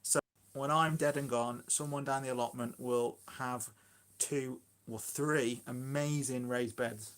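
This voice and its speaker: A man's voice: medium pitch, steady tone, a little slow, hardly any pauses, fairly bright tone. A man chatting casually on a phone live stream about his allotment, rambling and self-deprecating. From Shropshire, England.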